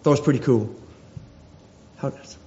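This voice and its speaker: A man preaching a sermon in an earnest way, circling back over his words and restarting sentences. His voice is dark and mellow. The recording is dull and lo-fi, with a long reverb from a church hall. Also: mid-range voice, moderate pace. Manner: earnest, repeats phrases, stumbles and restarts.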